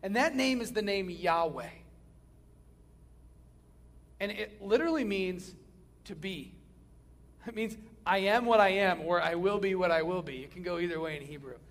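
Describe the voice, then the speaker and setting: A male preacher with a high, gravelly voice delivering a sermon. He is dynamic, pushing hard on key phrases and then dropping to a hush. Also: lively intonation, a little fast. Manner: dynamic, swings from loud emphasis to hushed near-whispers.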